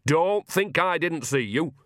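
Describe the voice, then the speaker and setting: A man's voice: on the high side, lively intonation, unhurried, a bit bright, no echo, studio quality, voice pushed up. A man voicing a shameless, earthy old witch, blunt and bawdy with a growling edge. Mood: scheming.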